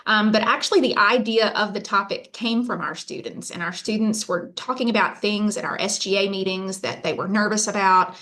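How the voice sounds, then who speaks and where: A woman's voice: mid-range voice, normal speed, few pauses, a bit bright. Chatty woman presenting on a call. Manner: chatty storyteller, lots of fillers. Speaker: university faculty presenter. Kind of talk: conversational presentation on a video call. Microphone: video call.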